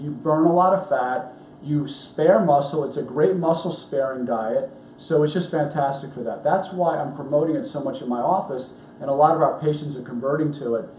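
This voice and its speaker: A man's voice: on the high side, darkish tone, recorded from a distance, slight background noise. A middle-aged man from New York, a doctor hosting a health show, talking in a chatty, rambling, upbeat way at home in his kitchen. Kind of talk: casual cooking and health talk. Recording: echoey room, voice off-mic.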